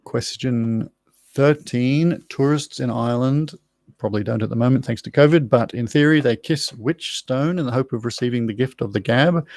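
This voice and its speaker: A man's voice: mid-range voice, moderate pace, a little mellow, dry recording. A middle-aged Australian man hosting a pub quiz, reading out answers in a chatty way and spelling out words as he goes. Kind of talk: live-streamed trivia answers, casual chat.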